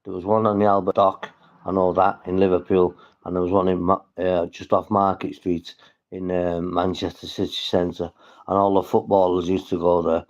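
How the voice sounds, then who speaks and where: A man's voice: low voice, little pitch movement, normal speed, darkish tone, muffled recording. A man from St Helens with a northwest English accent, rambling and swearing as he chats to viewers on a casual livestream. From St Helens, England.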